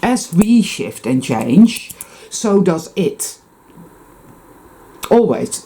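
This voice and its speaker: A woman with a lowish, mellow voice that swings widely up and down as she rambles to her viewers. She swears freely and breaks off with heavy sighs, and her talk stays intense and unscripted. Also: big pitch swings, extremely slow, pauses often. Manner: profane, intense, sighing. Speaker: spiritual vlogger. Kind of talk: rambling monologue to camera.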